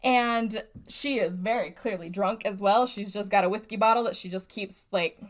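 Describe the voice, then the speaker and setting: A woman chatting casually on a podcast, retelling a film scene by scene. Her talk rambles, loaded with fillers and trailing asides, at a mid-range pitch for a woman. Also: normal speed. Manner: rambling, filler-heavy recapping with frequent "like" and "and stuff". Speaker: podcast co-host. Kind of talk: casual movie recap chat.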